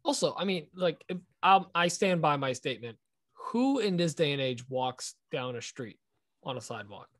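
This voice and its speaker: A man's voice: fairly high pitch, expressive, a bit bright. A man co-hosting a podcast, tossing in jokey remarks in casual chat. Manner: jokey, quick one-liners. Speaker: podcast co-host.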